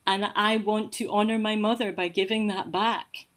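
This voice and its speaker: A woman from Scotland, a course graduate, speaking heartfelt and halting, repeating words as she talks over a video call. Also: medium pitch, fairly even intonation. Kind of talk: emotional interview.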